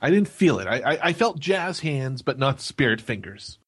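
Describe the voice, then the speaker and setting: A man's voice: mid-range voice, big pitch swings, normal speed, fairly bright tone, husky. A man co-hosting a gaming podcast, teasing his co-host in casual banter with chuckles.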